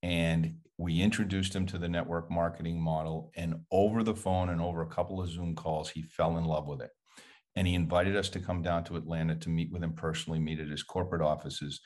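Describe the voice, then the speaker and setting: A man speaking as a guest on a podcast in a measured, conversational way. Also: sits low, level tone, a little mellow. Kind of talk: casual conversation.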